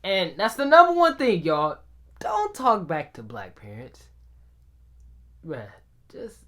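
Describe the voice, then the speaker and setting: A man's voice: a little high, wildly swooping pitch, takes it slowly, long pauses, fairly bright tone. A young man telling a personal story to his viewers. He talks casually and animatedly, calling out to the audience often. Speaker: vlogger.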